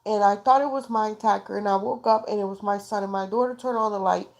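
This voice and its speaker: A woman's voice: medium pitch, fairly even intonation, quick pace, gravelly, darkish tone. A woman telling her own story as a mother, in raw, tearful, pleading testimony. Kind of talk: emotional personal testimony.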